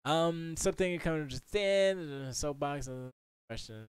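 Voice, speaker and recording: Working on his computer in a home studio, this young livestream host chats casually, rambling and muttering to himself. He speaks at normal speed in a fairly high, clear, resonant voice, and there's no echo.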